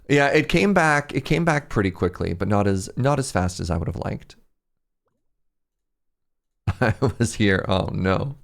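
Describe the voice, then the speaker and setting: A man's voice: fairly low pitch, expressive, a little slow, creaky, long pauses. A young man streaming a game, chatting casually and rambling, laughing at himself often. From Canada. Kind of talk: casual livestream chat while gaming.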